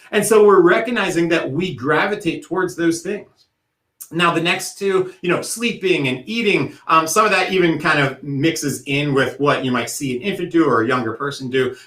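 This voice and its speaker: A man giving a workshop presentation in an earnest, conversational way, slowing down to stress key points. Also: a little high, a bit bright, echoey room. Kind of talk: recorded presentation talk.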